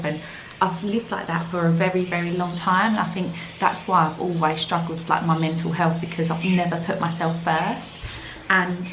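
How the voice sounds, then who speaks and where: A woman's voice: fairly low pitch, reverberant, slight background noise, low-quality recording. A young woman with a London accent chatting casually to camera as a vlogger, filling her talk with "like". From London, England. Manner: chatty, full of "like" fillers. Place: outdoors in the evening.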